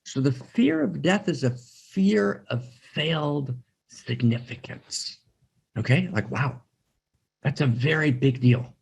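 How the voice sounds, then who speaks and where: Husky, lively man teaching spirituality. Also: on the high side, slow pace. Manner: emphatic, repeats phrases, asks "right?".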